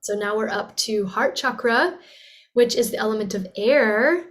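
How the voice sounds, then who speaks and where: A young woman teaches voice in an earnest, flowing way, with a fairly high speaking pitch. She breaks off to demonstrate with sighs and sung vowels. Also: moderate pace. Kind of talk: teaching talk with vocal demonstrations.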